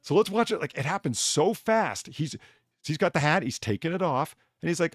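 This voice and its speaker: A man hosting a casual stream chat, talking in an animated, profane way and acting out quotes as he narrates a clip. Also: a little high, moderate pace, no echo, clean studio sound. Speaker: stream host.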